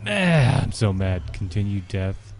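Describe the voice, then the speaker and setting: A man doing casual game commentary on a live stream, chatty with viewers and a co-player, breaking into panicked yelps and shouts. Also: fairly low pitch, big pitch swings, unhurried, slight background noise.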